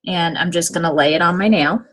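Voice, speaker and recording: A woman's voice: on the low side, brisk, fairly bright tone. A woman giving a casual step-by-step nail application demonstration, checking in often with "okay?". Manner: chatty, step-by-step instructions with frequent "okay?" check-ins.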